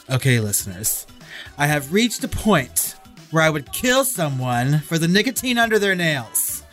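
A man's voice: on the high side, big pitch swings, unhurried, a bit bright, faint music behind. Giggly male podcast co-host. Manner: giggly, joking banter. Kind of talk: casual film podcast chat.

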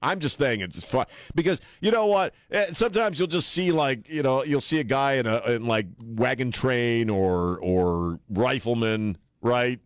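A man's voice: medium pitch, measured pace, hardly any pauses, clean tone, dry recording. A man hosting a talk radio show, blunt and joking, laughing often as he chats in a studio. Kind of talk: casual radio banter. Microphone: studio microphone.

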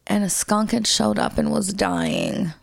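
A woman in her thirties, a podcast co-host, chatting casually and telling animated, profane stories. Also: mid-range voice, measured pace, creaky. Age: 30s. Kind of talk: casual chat.

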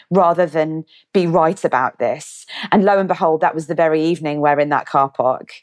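A woman in her thirties, a guest telling a personal story in vivid detail. Her voice sits a little low. She acts out each line of dialogue as she goes. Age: 30s. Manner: vivid, animated retelling with quoted dialogue. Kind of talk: storytelling in an interview.

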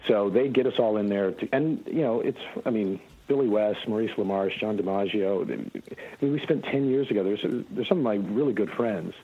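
A man, a guest voice actor, telling relaxed anecdotes in a casual interview, with frequent fillers and restarts. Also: lowish voice, moderate pace, husky, narrow, tinny audio.

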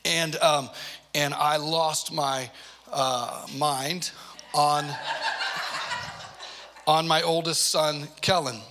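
A man in his forties preaching a sermon, telling stories with playful asides and lively, animated delivery. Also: fairly high pitch, extremely slow, pauses often, background noise. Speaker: pastor.

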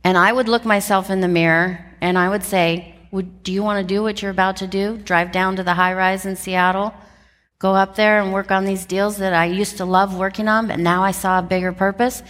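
A woman's voice: mid-range voice, brisk. A middle-aged woman giving a motivational talk, telling her story with lots of laughter and shifting pace. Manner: animated, laughs often, shifts pace for emphasis. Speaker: motivational speaker. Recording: long reverb from a large hall.

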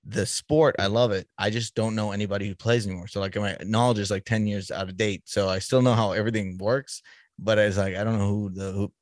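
A man from the Boston area talks as a guest in a loose video call chat. His voice sits fairly low, the sound is dry and close with no room around it, and his thoughts wander and restart. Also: steady tone, brisk, dry recording. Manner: rambling, self-interrupting, laughs often. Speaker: podcast guest. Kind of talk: casual chat.

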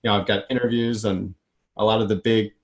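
A man in his thirties, a podcast guest and author, telling his story in a rambling, energetic way and acting out what people said. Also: fairly low pitch, brisk. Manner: energetic, rambling, acts out quotes. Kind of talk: casual storytelling interview.

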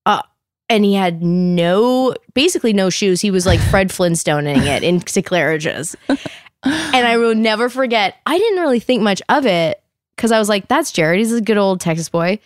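A woman's voice: mid-range voice, moderate pace, dry recording. Chatty woman telling stories in a dry room. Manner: animated storyteller, heavy "like", acts out quotes. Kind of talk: casual chat.

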